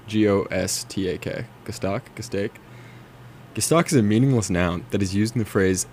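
A man's voice: fairly low pitch, a little mellow, slight background noise. A man in his twenties co-hosting a podcast, joking and laughing often in casual chat. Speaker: podcast co-host.

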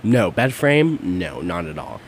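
A man's voice: on the low side, sing-song, measured pace, gravelly, slight background noise. A man in his twenties co-hosting a casual chat, giggling and rambling as he trails off mid-thought. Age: 20s. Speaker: co-host.

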